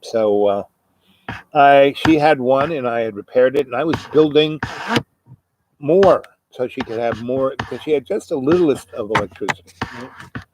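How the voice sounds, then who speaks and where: A man's voice: medium pitch, lively intonation, moderate pace. A man telling a long, rambling personal story, full of asides and trailing fillers. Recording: noisy background hiss.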